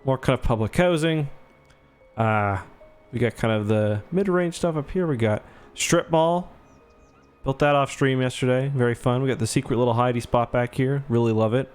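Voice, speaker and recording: A man's voice: medium pitch, moderate pace, darkish tone, smooth, faint music behind. A young man casually chatting while livestreaming a city-building game, rambling and thanking viewers as he goes. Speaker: streamer.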